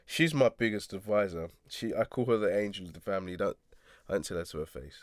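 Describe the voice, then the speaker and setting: A man chats in a relaxed, reflective way as the guest of an interview, laughing easily. His voice sits low, and the sound is dry and close. He is recording in a small attic studio. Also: fast, dry recording. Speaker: radio presenter, guest. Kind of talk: casual interview chat.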